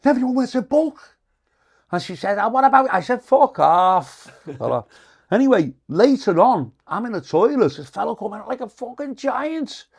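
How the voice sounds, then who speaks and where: Male comic guest, high and gravelly voice, crude swearing storyteller. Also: sing-song, moderate pace, darkish tone. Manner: crude, swearing anecdotes with acted-out quotes. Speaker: comedian guest. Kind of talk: casual storytelling.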